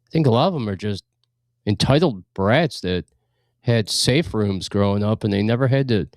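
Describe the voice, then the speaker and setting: A man's voice: on the low side, expressive, moderate pace, darkish tone, no room sound, clean studio sound. A man co-hosting a radio show in casual chat, blunt and opinionated, laughing now and then as he talks. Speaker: radio co-host.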